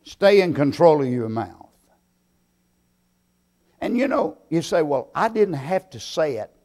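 A man preaching a sermon, slow and deliberate, swelling into loud emphatic bursts. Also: a little high, sing-song.

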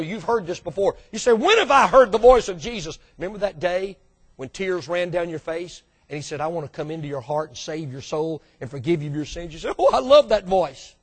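A man preaching a sermon as the church's pastor, swinging from loud bursts to hushed asides and calling out to the congregation. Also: high voice, breathy edge. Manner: calls out to the congregation for response.

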